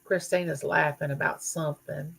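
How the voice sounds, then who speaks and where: Chatty woman with a bright voice. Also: low voice, steady tone, normal speed, vocal fry, slightly rough. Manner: chatty, folksy, rambling. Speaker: livestream host. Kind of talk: casual live chat reading viewer comments.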